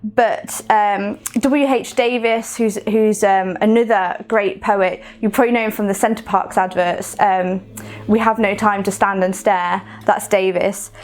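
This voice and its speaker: With a steady, unhurried, medium-pitched voice, a Coventry-born poetry workshop leader speaks in Coventry English. Her recorded lesson is chatty, full of fillers and restarts.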